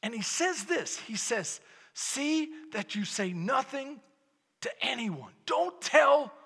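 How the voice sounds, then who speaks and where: A man preaching with a very high, bright, ringing voice that swings widely in pitch. His delivery climbs from hushed tenderness to shouted fervor. The sermon echoes through a large church hall with a long reverb tail. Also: big pitch swings, takes it slowly, breathy edge. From Texas. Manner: builds from soft and intimate to loud, shouted passion. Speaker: pastor. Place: church sanctuary.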